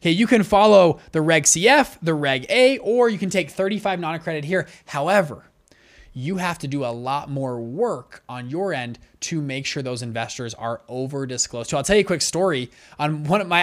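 A man with a somewhat high voice teaches investing at a whiteboard. He talks in a brisk, conversational way and often restarts his sentences as he explains. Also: animated. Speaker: fund manager teaching investors. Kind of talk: whiteboard lesson.

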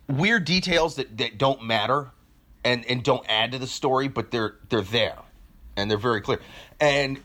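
Animated comedian man riffing. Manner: animated, shifts pitch a lot. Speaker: comedian, podcast co-host. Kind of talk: casual political chat.

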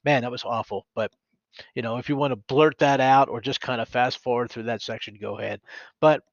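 An earnest man teaches scripture on a podcast in a mid-range voice. He reads verses aloud with animated emphasis and trips over his own sentences now and then. The sound is dry and a little muffled. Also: medium pitch, brisk, creaky, no room sound. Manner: earnest, animated, self-deprecating, with restarts. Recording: dry, slightly dull recording.

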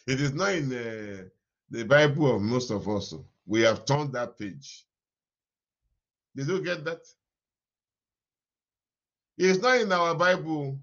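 A man preaching an animated morning devotion sermon as pastor, repeating his phrases and laughing often. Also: mid-range voice, muffled recording.

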